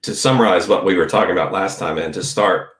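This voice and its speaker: Deep-voiced man, echoey room. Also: fast, a bit bright. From Australia. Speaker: guest airline captain. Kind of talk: podcast interview.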